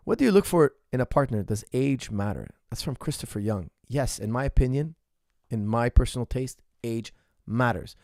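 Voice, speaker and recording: A man coaching martial arts fields viewer questions in a loose, emphatic ramble, doubling back on himself mid-sentence. His voice sits at an ordinary middle pitch. The recording is dry and close, with almost no room sound. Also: creaky, darkish tone, no echo. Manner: rambling and emphatic, with frequent restarts and asides. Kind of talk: casual ask-me-anything chat.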